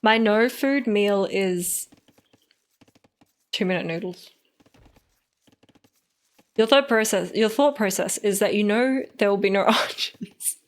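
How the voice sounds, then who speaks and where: A woman's voice: medium pitch, slow pace, long pauses. A woman casting a strategy game live on stream, playful and teasing, with frequent giggles.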